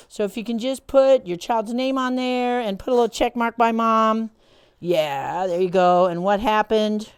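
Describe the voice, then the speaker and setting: Brief: female trainer, somewhat high voice, casual and encouraging while teaching a team. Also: smooth, dry recording. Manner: warm, encouraging, chatty with frequent fillers. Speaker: camp staff trainer. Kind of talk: instructional talk to a staff team.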